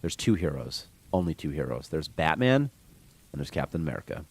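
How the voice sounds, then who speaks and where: A man's voice: very deep voice, very animated, brisk, slightly rough. A man streaming game development, rambling casually with strong opinions and reading chat comments aloud. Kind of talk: casual rant on a live stream.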